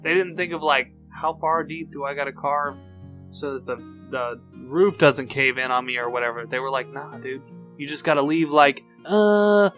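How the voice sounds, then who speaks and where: A man's voice: medium pitch, fairly even intonation, a little fast, bright, forceful tone, faint music behind. A man co-hosting a podcast, swearing freely and rambling through stories in casual chat while a little tipsy. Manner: profane, rambling storyteller. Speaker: podcast co-host.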